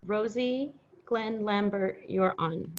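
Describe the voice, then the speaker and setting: A woman briskly calling the next speakers at a meeting. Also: medium pitch. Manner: brisk, procedural. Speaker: meeting clerk. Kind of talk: procedural announcements. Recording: dull lo-fi audio.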